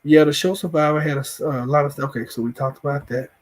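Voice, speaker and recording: A man's voice: on the high side, steady tone, fast. A man with a Southern US accent hosting a casual live chat, rambling and restarting his phrases as he reacts to viewers. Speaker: livestream show host.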